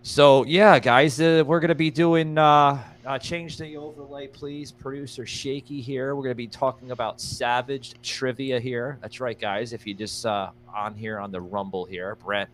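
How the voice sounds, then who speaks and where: A man's voice: mid-range voice, normal speed. A man hosting a livestreamed podcast in a rambling, casual way, thanking viewers by name and plugging merch. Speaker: podcast host.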